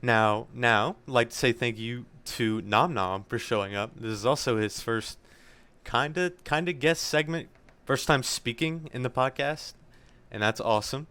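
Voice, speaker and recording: Smooth-voiced young man joking through shout-outs. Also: mid-range voice, moderate pace. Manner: jokey, rambling thank-yous. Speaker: podcast co-host. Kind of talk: casual chat, listener shout-outs.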